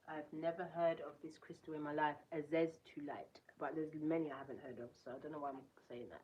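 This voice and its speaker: A woman's voice: low voice, steady tone, moderate pace, darkish tone, low-quality recording. A woman giving a casual collective tarot and crystal reading, reading card text aloud and breaking off into chatty asides. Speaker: tarot reader.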